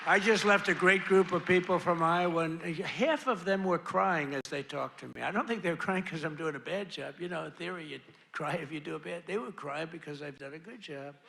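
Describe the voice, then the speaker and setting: A man's voice: fairly high pitch, a little fast, creaky, bright, forceful tone. An older man giving a rally speech, boastful and repetitive, wandering into rambling asides. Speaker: political speaker at a rally. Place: rally venue with crowd. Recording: rally sound with crowd noise.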